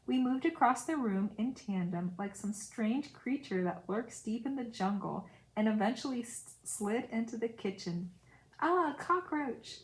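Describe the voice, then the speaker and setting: Brief: a woman narrating a novel with quick casual commentary. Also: fairly high pitch, darkish tone, poor audio. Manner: reads aloud with brief casual asides. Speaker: audiobook reader.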